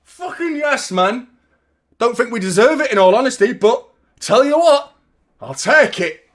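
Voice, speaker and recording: Excitable high-voiced male football fan. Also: a little slow. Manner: excitable, partisan, swears, shouts at big moments. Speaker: fan watchalong host. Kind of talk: live fan commentary on a match.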